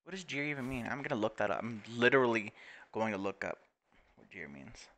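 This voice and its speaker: A man's voice: mid-range voice, animated, fairly quick, fairly bright tone. A young man giving casual, profane commentary on a life-simulation game, laughing often and putting on mocking voices. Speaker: gaming video creator.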